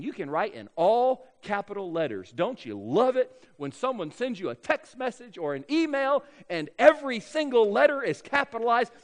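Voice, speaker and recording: Male pastor mid-sermon, high lively voice, big church sanctuary with long reverb. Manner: emphatic, drawn-out key words. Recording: long reverb of a large hall.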